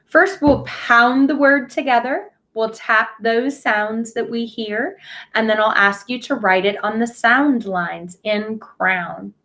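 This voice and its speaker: A woman's voice: on the high side, takes it slowly, bright, forceful tone. A woman teaching a phonics lesson to young children, speaking patiently and over-enunciating sounds.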